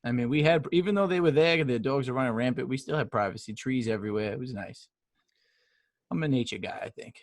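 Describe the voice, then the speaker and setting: A man's voice: medium pitch, quick pace, dry recording. Teasing New man, dry close sound. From New York. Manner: joking, teasing banter. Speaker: podcast co-host. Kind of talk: casual chat.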